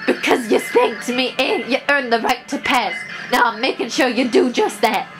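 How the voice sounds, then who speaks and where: A woman's voice: fairly high pitch, normal speed, voice pushed up, close to an everyday voice, low-quality recording. A woman reading out a huge, swaggering male villain king from a video game, cocky and bossy, over game music.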